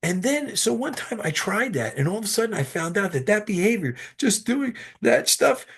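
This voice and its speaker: A man guest, an actor, telling animated stories in an interview with frequent restarts, heard over a video call. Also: high voice, moderate pace, creaky, breathy edge. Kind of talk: interview storytelling.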